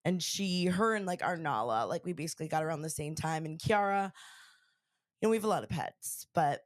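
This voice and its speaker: A woman's voice: sits low, lively intonation, a little fast, no room sound, clean studio sound. Chatty woman host, recovering voice. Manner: chatty, rambling, lots of fillers. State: recovering from lost voice. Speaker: podcast host. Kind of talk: casual chat.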